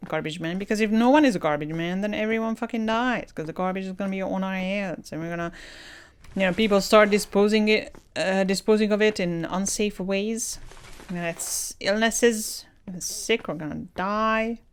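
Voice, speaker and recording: Woman, non-native English speaker, smooth clear voice, casual game commentary, lots of swearing. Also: medium pitch, moderate pace. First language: not English. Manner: swearing, ranting, laughs often. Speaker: gaming streamer.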